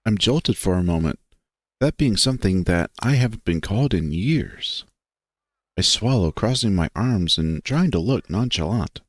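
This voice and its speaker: A man's voice: fairly low pitch, animated, normal speed, no room sound, studio quality. A man narrating a visual novel in the first person. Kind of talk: dramatic visual novel reading.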